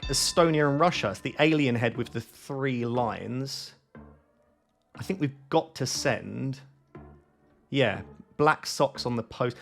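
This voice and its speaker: A man giving live gameplay commentary, thinking aloud in an excitable, self-questioning way. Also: mid-range voice, vocal fry. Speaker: gaming YouTuber.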